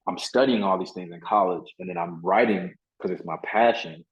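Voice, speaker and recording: A man with a very low voice tells his story as a guest in a casual interview. He talks earnestly, doubles back on his words and keeps dropping in "you know". The recording sounds dull and lo-fi. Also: normal speed, a crowd in the background. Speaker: podcast guest, motivational speaker.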